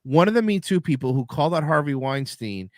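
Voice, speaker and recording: Male podcast host, lively swinging pitch, dry close mic, sarcastic and profane. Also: fairly quick, dry recording. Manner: animated, mocking, swears a lot. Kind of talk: casual chat.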